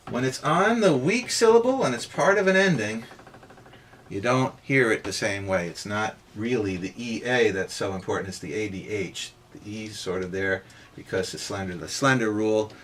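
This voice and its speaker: A man teaching pronunciation, repeating sounds slowly and emphatically for students to drill. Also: fairly low pitch, animated, a bit bright, slight background noise. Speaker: Irish language tutor. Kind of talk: pronunciation lesson.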